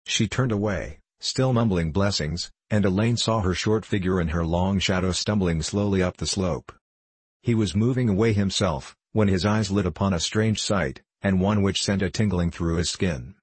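A man reading a story aloud in measured, steady scripted narration, close to the mic. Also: sits low, slightly rough, no room sound. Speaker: audiobook narrator.

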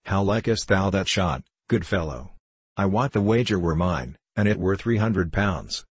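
A man voicing a proud young outlaw archer who is quick to anger, speaking in earnest, old-fashioned storybook talk. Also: low voice, lively intonation, husky, no echo, heavily acted. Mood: triumphant. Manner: earnest archaic storybook speech.

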